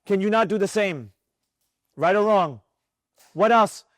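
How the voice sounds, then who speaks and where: A high-pitched man leads a live day-trading class in a room full of students. He talks with bursts of energy, keeps throwing rhetorical questions at the group and drills his points home. The sound is dry and close. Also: measured pace, a bit bright, no room sound. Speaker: trading instructor.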